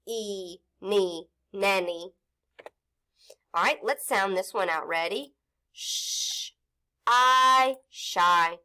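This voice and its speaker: A woman leads an early reading lesson, drawing out each letter sound slowly and deliberately. Her voice is bright and crisp, and she coaxes young listeners along with gentle prompts. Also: mid-range voice. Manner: slow, stretched sounding-out of letters and syllables; patient, encouraging, speaks to young children. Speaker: phonics teacher.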